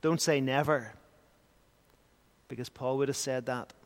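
A man's voice: medium pitch, fairly even intonation, unhurried. A man preaching a sermon in a church, earnest, with emphatic swells. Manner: earnest, rising to emphatic bursts. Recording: long church hall reverb.

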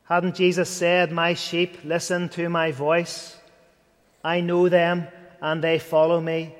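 A man's voice: on the high side, monotone, slow. A man preaching an earnest sermon, rising to fervent and dropping to near whispers. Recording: long hall reverb.

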